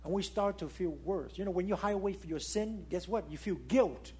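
Man, pastor preaching a sermon, husky voice, non-native English, emphatic, rhetorical questions, swings between loud peaks and quiet asides. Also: high-pitched, a little fast.

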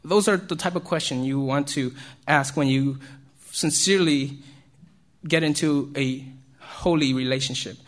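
A man's voice: on the high side, fairly bright tone. A man giving an informal sermon to young people, keeping it conversational and checking in with his listeners as he goes. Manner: conversational, keeps checking in with "right?"; chuckles between points. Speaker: youth speaker.

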